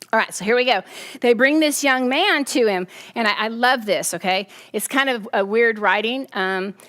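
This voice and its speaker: Animated woman teaching a sermon. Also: on the high side. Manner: animated, checks in with the audience.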